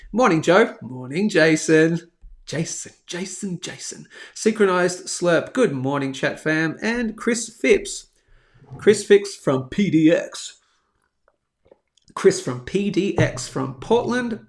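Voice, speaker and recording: A man's voice: fairly high pitch, creaky. An Australian man in his thirties hosting a daily live stream, chatty and jokey as he reads out viewer comments. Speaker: host of a live bullion show. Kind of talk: casual live-stream chat.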